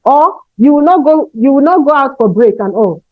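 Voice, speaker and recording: High-voiced woman giving an emphatic teachers' talk. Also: lively intonation, fairly quick. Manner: emphatic, often checks in with "okay?". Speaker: conference speaker for teachers. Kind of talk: motivational talk. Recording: dull, dry, lo-fi sound.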